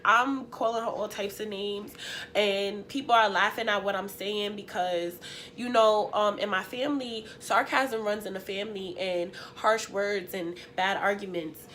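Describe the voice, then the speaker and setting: A young woman vlogger, sniffly and unwell, telling a story in an animated, slangy, emphatic way. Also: medium pitch, slight background noise. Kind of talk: story time.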